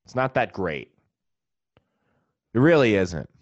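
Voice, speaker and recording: A man's voice: on the low side, big pitch swings, takes it slowly, no room sound. A man, a comedian and podcast host, delivering a profane, sarcastic, exasperated comedic rant. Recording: dull lo-fi, dry.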